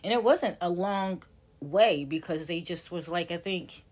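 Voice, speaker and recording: A woman's voice: fairly low pitch, measured pace, darkish tone. Chatty, rambling woman in her forties. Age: 40s. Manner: rambling, self-correcting, chatty. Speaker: tarot teacher. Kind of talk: casual teaching.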